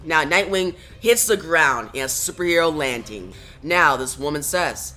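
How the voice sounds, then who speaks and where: Bright-voiced comic book reviewer. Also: medium pitch, expressive, moderate pace, few pauses. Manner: starts most sentences with "now," adds "right?". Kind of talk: casual comic recap narration.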